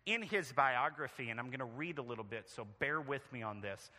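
A man's voice: mid-range voice, lively intonation, brisk, pushed and bright, long reverb tail. A man preaching a sermon as pastor, earnest and conversational, reading aloud at length.

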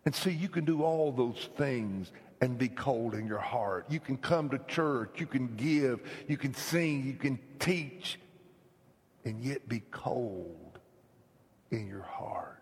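A man from North Carolina, preaching an emphatic revival sermon that swings between loud, shouted lines and hushed whispers. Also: mid-range voice, a little slow, few pauses, in a large hall. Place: church sanctuary.

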